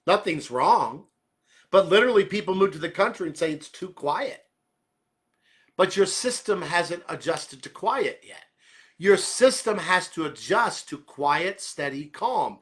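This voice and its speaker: A man's voice: sits high, a bit bright. A man pastor giving a conversational sermon, earnestly checking in with listeners and often rephrasing mid-thought.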